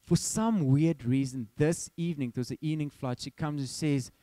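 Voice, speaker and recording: A man preaching, his voice sitting a little high for a man. He tells his story in a lively way and acts out his own dialogue. The sound is dry and close, with no room echo. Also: moderate pace. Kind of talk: sermon.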